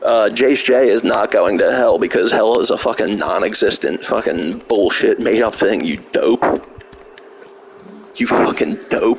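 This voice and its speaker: A man's voice: fairly low pitch, a little slow, creaky, a little hiss or hum. Foul-mouthed mocking male streamer. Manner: profane, mocking trash talk; sarcastic. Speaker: video game streamer. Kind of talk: casual live-stream chat.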